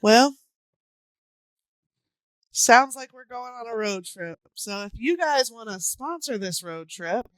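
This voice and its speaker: A woman's voice: fairly high pitch, expressive, slow pace, long pauses, fairly bright tone, no room sound. A woman hosting a podcast in loose, casual chat, full of fillers. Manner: loose, chatty, lots of fillers and laughs. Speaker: podcast host.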